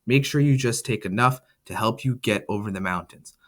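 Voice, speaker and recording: A man's voice: lowish voice, normal speed, a bit bright, lightly acted. A man reading the lines of a stern male tribal father who gives firm orders to his family in a storybook tale. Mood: grave. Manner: firm, commanding.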